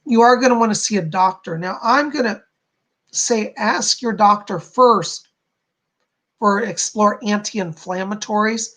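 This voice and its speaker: A man's voice: sits high, fairly bright tone. A man hosting a live stream, giving chatty, reassuring psychic readings and addressing viewers by name. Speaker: psychic medium, stream host.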